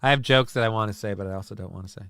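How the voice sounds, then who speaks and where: Man, from the Midwest, livestream host, joking, rambling, smooth tone, dry recording. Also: fairly low pitch, very fast, fairly bright tone, dry recording. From American Midwest. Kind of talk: casual livestream commentary.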